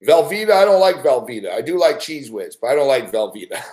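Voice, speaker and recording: A man's voice: medium pitch, sing-song, a little fast, darkish tone. A man hosting a late-night sports talk stream, ranting in a rambling, profane way and reading out chat between laughs. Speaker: sports talk show host.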